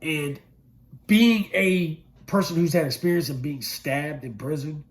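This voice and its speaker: Middle-aged guy swearing a lot telling prison stories, kinda high voice, goes loud then real quiet. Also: measured pace. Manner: profane, blunt, swings from loud bursts to low murmurs. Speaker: former prisoner telling his story. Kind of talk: candid storytelling interview.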